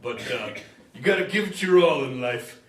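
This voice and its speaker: A man's voice: mid-range voice, animated, moderate pace. A man from Minnesota chatting between songs at a live concert in a library, rambling and joking with filler hesitations. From Minnesota, USA. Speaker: musician and performer. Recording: roomy hall, mic at a distance.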